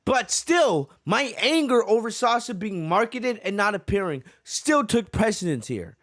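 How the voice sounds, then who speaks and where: A man with a notably high voice vents on his podcast in a rambling, heated rant. He repeats his points and stumbles over restarts as his frustration builds. The sound is dry and close, with no room echo. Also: big pitch swings, measured pace, a bit bright. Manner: frustrated, repeats himself, many fillers. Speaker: wrestling podcast host. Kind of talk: ranting reaction commentary.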